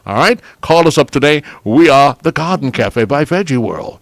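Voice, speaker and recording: A man's voice: a little high, expressive, normal speed, creaky, hardly any pauses, no echo. A man with an Antiguan accent hosting a radio show, chatting casually and reading out lunch specials with relish. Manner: chatty, chuckling, savoring the food aloud. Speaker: radio host.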